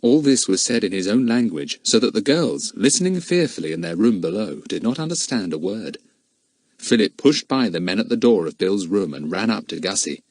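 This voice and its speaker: A man reading a children's adventure novel aloud as narrator, in a steady storytelling manner. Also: on the low side, normal speed, no echo. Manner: steady storytelling, shifting into character voices. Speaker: audiobook narrator. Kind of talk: scripted narration.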